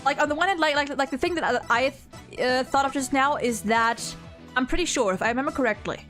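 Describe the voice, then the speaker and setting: A German woman streams a courtroom game, her voice sitting a little high as she thinks aloud. She stumbles and restarts, then bursts out when an idea strikes. Soft game music plays behind her. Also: fast. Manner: thinks aloud, excitable, stumbles over words. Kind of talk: let's-play commentary.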